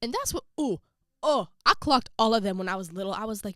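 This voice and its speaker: A young woman telling a personal story to camera in a casual vlog, full of slang, quick asides and quoted voices. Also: fairly high pitch, lively intonation, fairly bright tone, dry recording, clean studio sound. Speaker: vlogger.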